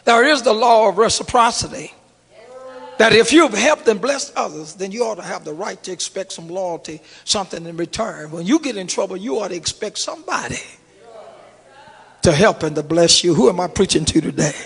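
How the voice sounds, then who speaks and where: A middle-aged man preaching a sermon to his congregation, swinging from hushed asides to shouted exclamations and calling out to the crowd. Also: sits high, lively intonation, normal speed, vocal fry, slightly rough. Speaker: pastor. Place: church sanctuary. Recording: long reverb of a large church hall.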